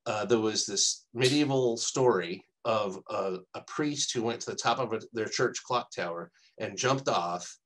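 A man's voice: lowish voice, unhurried, few pauses, fairly bright tone, rough recording. A man co-hosting a podcast, telling a long anecdote in a casual, rambling way, often laughing and quoting people. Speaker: podcast co-host. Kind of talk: casual storytelling chat.

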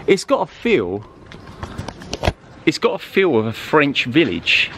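A man's voice: on the high side, wildly swooping pitch, slow. A man hosting a walking travel vlog outdoors, effusive and enthusiastic as he chats with strangers. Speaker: travel vlogger and host. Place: outdoors walking through a town. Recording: outdoor street with passing traffic.

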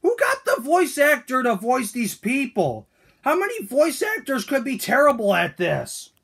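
A man's voice: very high voice, wildly swooping pitch, unhurried, creaky, a bit bright, husky, full character voice. A man voicing Toad as a grumpy, whiny male figure in a fan-made cartoon, ranting with indignant questions.

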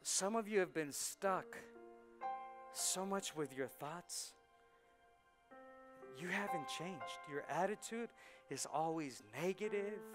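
A male pastor preaching a sermon in a church service, swinging between hushed and loud. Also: fairly high pitch.

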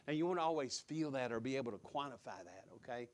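A man's voice: mid-range voice, expressive, fast talker, hardly any pauses. A man preaching a sermon as pastor, emphatic, repeating key words and putting direct questions to the congregation. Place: church sanctuary.

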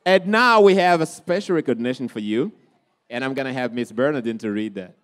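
A man from Haiti, emceeing a community college event with lively, crowd-rousing energy. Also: mid-range voice, brisk. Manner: energetic, hypes up the crowd, calls out questions.

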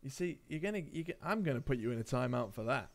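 A man's voice: medium pitch, expressive, quick pace, creaky. A man casually commentating his own game play on a live stream, chatting with viewers and calling them mate. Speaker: gaming streamer.

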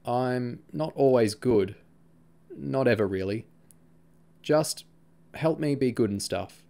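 A man's voice: medium pitch, takes it slowly, vocal fry, mellow. A man voicing a defensive, troubled young boy who sulks and pleads with his friend. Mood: sheepish. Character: defensive troubled twelve-year-old boy.

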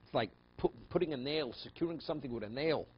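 A man's voice: mid-range voice, lively intonation, fast talker, slight background noise. A man, a rabbi, teaching a text study class, explaining passages phrase by phrase and telling stories in a conversational way with frequent restarts. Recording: dull lo-fi class recording.

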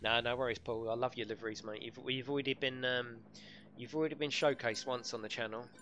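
A man's voice: mid-range voice, fairly even intonation, a little fast, a bit bright, lo-fi sound, a little hiss or hum. A middle-aged man, live-streaming a racing game and bantering and swearing with his chat. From United Kingdom.

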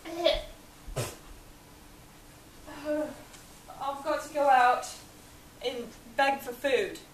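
A woman's voice: high-pitched, slow. Ciel, a bratty boy earl, played by a woman. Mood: disgusted. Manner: whiny, petulant ranting. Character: spoiled bratty young boy earl, petulant. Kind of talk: fan cosplay skit. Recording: echoey room, voice from a distance, faint hiss.

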